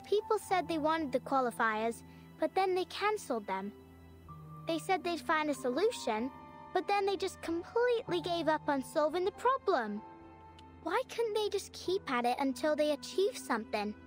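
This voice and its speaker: A woman voicing a curious, lonely young girl in a game, talking in a soft, earnest way. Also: high-pitched, sing-song, moderate pace, faint music behind. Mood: pensive. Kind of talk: game voice acting.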